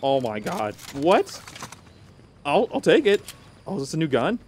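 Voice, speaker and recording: A young man giving excitable gameplay commentary, bursting into loud exclamations and dropping to mutters. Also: a little high, a little slow, a little hiss or hum. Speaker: gaming YouTuber. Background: game music and gunfire.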